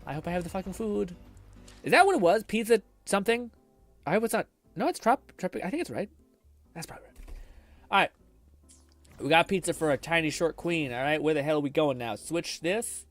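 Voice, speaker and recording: A man's voice: on the high side, animated, fairly quick, long pauses, faint music behind. A man streaming a video game, chatting casually, swearing often and laughing a lot. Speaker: gaming streamer. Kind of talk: casual live-stream commentary.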